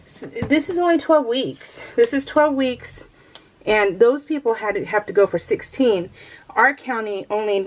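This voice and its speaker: Chatty middle-aged woman rambling to viewers. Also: medium pitch. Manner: rambling, chatty, laughs often, talks to viewers. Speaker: crafting vlogger. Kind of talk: casual chat while crafting.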